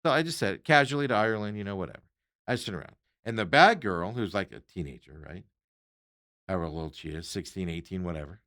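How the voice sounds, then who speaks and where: A man's voice: sits low, fast. A man hosting a podcast, telling an everyday story in a casual, exasperated way and acting out the lines of the people in it. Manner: animated, exasperated retelling of an everyday run-in; acts out other people's lines in quotes. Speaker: podcast host.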